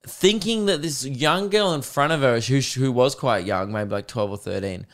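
Speaking at a moderate pace, his medium-pitched voice has a slightly bright quality. He's an Australian podcast host in his twenties, chatting casually and telling easygoing, self-mocking stories.

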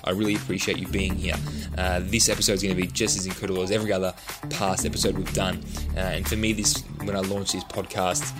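A man's voice: low-pitched, level tone, fast. A male podcast host giving an upbeat, enthusiastic intro to his show. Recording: intro over loud music.

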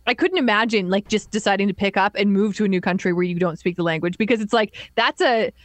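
A woman's voice: medium pitch, fast, no echo. A woman from Ontario in casual podcast chat, talkative and full of "like". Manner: chatty, runs on with "like".

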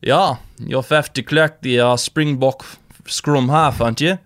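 A man's voice: medium pitch, unhurried, a bit bright, no room sound, clean studio sound, voice pushed up, close to an everyday voice. A man voicing a smug plane passenger who teases a rugby star. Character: smug male plane passenger, a fellow player.

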